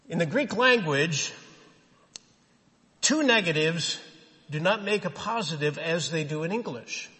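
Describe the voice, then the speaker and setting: A man's voice: fairly high pitch, a bit bright, big-room sound. A man preaching a sermon, emphatic and quoting scripture.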